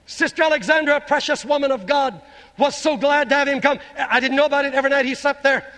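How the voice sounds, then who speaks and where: An older man preaches a sermon full of testimony, his voice pitched very high and bright. He swings from fervent outbursts to slow, drawn-out phrases. The sound carries a long reverb, as in a large hall. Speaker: evangelist preacher.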